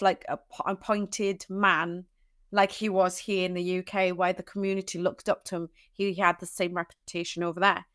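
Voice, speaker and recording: A woman's voice: medium pitch, a bit bright, clean tone. A young adult woman, a podcast guest, tells a personal story in an emotional way, teary at times, with many restarts and fillers.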